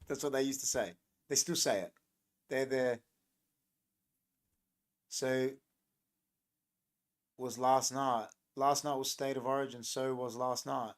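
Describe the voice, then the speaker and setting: A man's voice: medium pitch, steady tone, slow pace, long pauses. Young male streamer, loose and jokey, riffs on chat comments. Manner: rambling, joking, reacting to chat comments. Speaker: livestream host. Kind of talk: casual live-stream chat.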